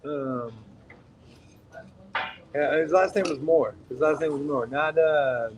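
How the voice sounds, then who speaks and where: A man's voice: fairly high pitch, slow pace, slight background noise, rough recording. A man hosting a casual podcast chat in a restaurant, talking loosely with lots of swearing and joking. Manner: loose, profane, joking banter. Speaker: podcast host. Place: waffle restaurant.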